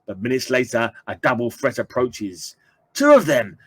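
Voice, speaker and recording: A man's voice: medium pitch, sing-song, moderate pace, fairly bright tone, husky, no room sound. A man reading an old comic book aloud and dropping chatty asides to his viewers. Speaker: comic book reader and channel host.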